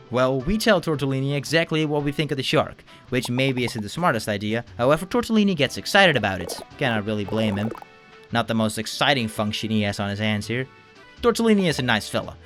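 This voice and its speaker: Male gaming narrator, mid pitch, very animated delivery, cheeky asides, light music bed. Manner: joking asides to viewers. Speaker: gaming YouTuber. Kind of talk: playful game playthrough narration.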